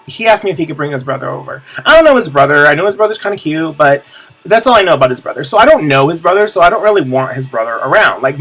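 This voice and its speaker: A man's voice: fairly high pitch, fairly bright tone. A young man talking candidly to camera in a casual confessional vlog, rambling with lots of fillers and restarts and the odd swear word. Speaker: vlogger.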